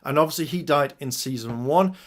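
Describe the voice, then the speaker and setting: A video reviewer with a fairly quick, higher-pitched voice enthusiastically and casually reviews TV episodes. He retells scenes and speaks directly to his viewers.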